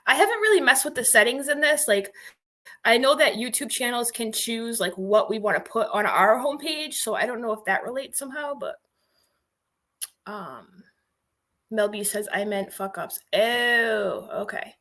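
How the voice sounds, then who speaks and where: Chatty woman streamer with a bright, slightly high voice, loose and rambling. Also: expressive, normal speed. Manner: chatty, rambling, giggly, heavy on "like". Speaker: livestream host. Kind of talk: casual livestream chat.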